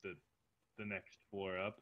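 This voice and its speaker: A man's voice: deep voice, level tone, unhurried, narrow, tinny audio. A man playing a tabletop game, asking hesitant questions about the scene over a voice call. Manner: hesitant, inquisitive. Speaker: player.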